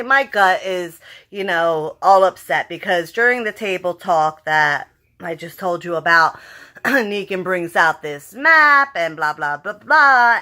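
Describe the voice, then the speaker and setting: A woman giving a casual, rambling episode review in a vlog, talking excitedly and swearing freely. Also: mid-range voice. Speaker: TV show reviewer.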